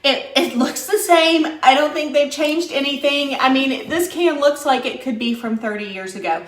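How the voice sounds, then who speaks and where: This high-pitched woman talks at a normal speed, running a live cooking stream from West Virginia. She's upbeat with viewers, laughs a lot, and the recording carries echoey room sound.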